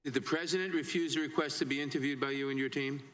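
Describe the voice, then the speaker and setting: A man chairing a hearing, asking measured, formal questions and reading out quotations. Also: medium pitch, steady tone, fairly bright tone. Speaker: committee chairman. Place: hearing room.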